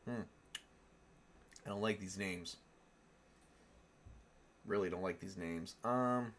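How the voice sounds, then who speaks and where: Slight background noise accompanies a deep-voiced man speaking slowly on a casual stream. He works through tabletop character builds out loud, chuckling, revising what he says, and taking questions from viewers.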